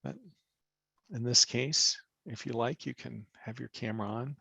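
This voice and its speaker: A man leading an online spiritual class over a video call, speaking gently and slowly while searching for his words. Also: medium pitch, steady tone, gravelly, husky, no room sound, highs cut off. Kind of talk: reflective teaching talk.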